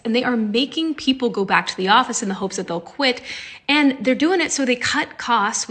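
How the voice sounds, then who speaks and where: A woman's voice: medium pitch, a bit bright. A woman giving blunt, emphatic commentary and talking straight to the viewer. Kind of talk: social media commentary.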